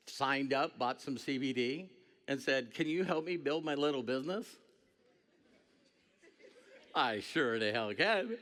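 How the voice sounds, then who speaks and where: Lively, bright-voiced middle-aged man on stage. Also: medium pitch. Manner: animated, joking, breaks into shouts. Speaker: network marketing speaker. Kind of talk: motivational stage speech. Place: stage before a large audience.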